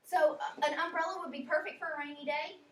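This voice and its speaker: A high-pitched woman teacher leads a lesson for young children in an upbeat, encouraging way. She says each word slowly and clearly. The mic sits far from her in a roomy classroom, with a faint hiss behind. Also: fairly even intonation, fairly bright tone.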